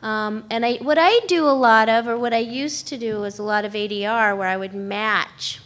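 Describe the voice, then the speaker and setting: A woman's voice: a little high, moderate pace, a bit bright. A woman voice actress chatting on a convention panel, laughing often and searching for words as she talks. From Los Angeles. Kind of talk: casual panel talk.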